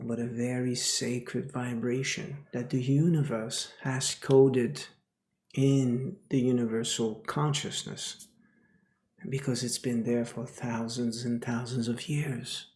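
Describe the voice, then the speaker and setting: Male spiritual teacher: unhurried, chant-like repetition, whispered asides, echoey room. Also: mid-range voice, steady tone, darkish tone. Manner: dips to whispers, repeats phrases like a chant. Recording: roomy echo.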